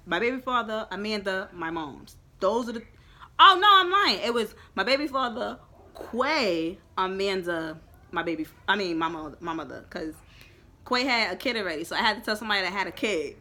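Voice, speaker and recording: A young woman telling a storytime in a lively, profane, emphatic way. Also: medium pitch, a little fast. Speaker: vlogger. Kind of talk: storytime chat.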